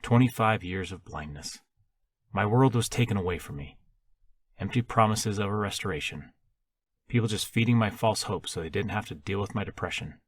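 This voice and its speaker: A man's voice: lowish voice, normal speed, breathy edge. A man voicing a bitter blind man in the afterlife. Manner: raised, bitter, sarcastic. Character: bitter blind man, newly dead, young adult.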